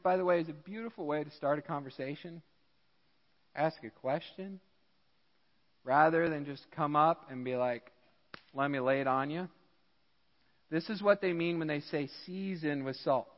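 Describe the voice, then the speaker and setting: An American man preaching a sermon as pastor, animated and acting out characters in dialogue. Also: high-pitched, big-room sound, highs cut off. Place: church.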